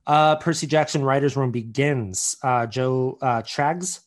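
A man's voice: mid-range voice, a little slow. A young man co-hosting a podcast, reading through entertainment news in casual chat, joking and swearing often. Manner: swears a lot, jokey. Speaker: podcast co-host.

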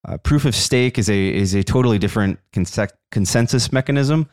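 A male podcast host reading through the news alone in a mildly monotone, self-aware way, at a close mic. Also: fairly low pitch, brisk, dry recording. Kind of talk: solo news rundown podcast.

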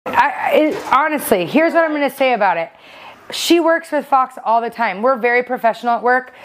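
A woman's voice: fairly high pitch, expressive, brisk, noisy background. Frank, teasing woman co-host. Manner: frank and teasing, talks things through. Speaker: podcast co-host. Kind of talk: casual chat.

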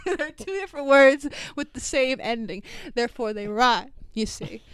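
A woman co-hosting a casual podcast, recapping a movie in a giggly, profane, animated way. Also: sits high, a little slow, smooth, no room sound. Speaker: podcast co-host.

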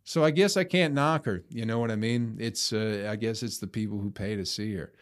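A man's voice: on the low side, fairly quick. Foul-mouthed ranting podcast host man. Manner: profane, ranting. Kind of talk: casual comedic rant.

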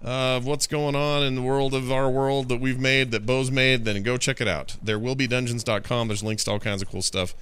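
A man's voice: medium pitch, steady tone, moderate pace, hardly any pauses, fairly bright tone, smooth. A man hosting a tabletop game show, wrapping up in a playful, exuberant casual chat. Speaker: host.

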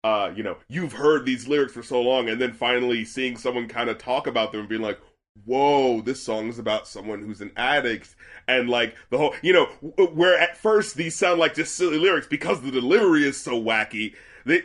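A young man co-hosts an album review podcast, chatting in an animated, casual way packed with fillers, restarts and swearing. He has a mid-range voice and talks fairly quickly.

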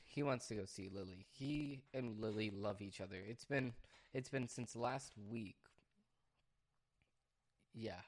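A young man hosting a casual solo podcast, chatting in a rambling way and often breaking off to hush his dog. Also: fairly low pitch, a little slow, pauses often. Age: young adult. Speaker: podcast host.

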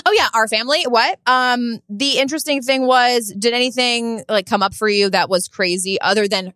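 A woman's voice: on the high side, moderate pace, no room sound, studio quality. A woman co-hosting a podcast in casual chat, blunt and opinionated, telling stories with energy. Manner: blunt, opinionated, lively storyteller. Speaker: podcast co-host.

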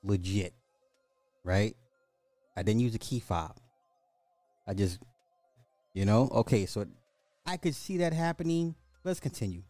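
A man's voice: mid-range voice, warm tone, no room sound. A man hosting a podcast, reading news stories aloud and adding mocking asides in a casual way. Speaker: podcast host. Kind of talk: casual social commentary.

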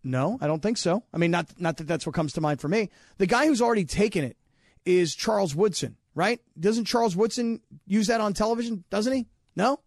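High-voiced man bantering on a sports show. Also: fairly quick, no echo, studio quality. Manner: rambling, questioning, playful. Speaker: sports talk show host. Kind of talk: casual studio banter.

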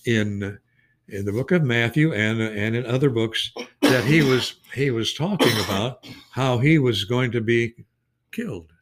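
Man, Bible teacher, folksy and emphatic, casual talk, mid-pitched voice. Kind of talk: casual Bible study conversation.

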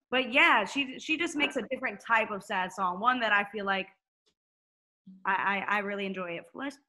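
A woman guest musician chatting casually, candid and lively, swearing freely. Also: medium pitch, moderate pace, pauses often. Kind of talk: casual chat.

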